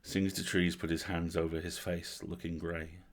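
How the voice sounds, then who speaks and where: Reading a horror novel aloud as a bedtime story on a livestream, a man with a very low voice keeps a steady, measured delivery, pausing to let each line land before continuing.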